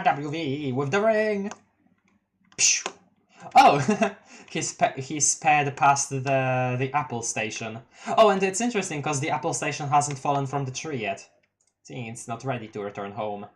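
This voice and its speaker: An excitable streamer reading a webcomic live, reacting out loud and laughing often. The pitch sits in a medium range, and sentences often trail off and restart. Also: a little slow, pauses often. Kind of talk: casual live-read commentary.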